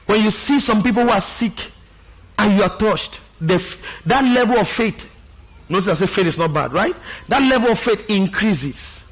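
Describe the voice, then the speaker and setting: Man, pastor, very high voice, lively swooping pitch, fervent sermon. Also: normal speed, slightly rough. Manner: impassioned preaching with shouted exclamations and quoted scripture.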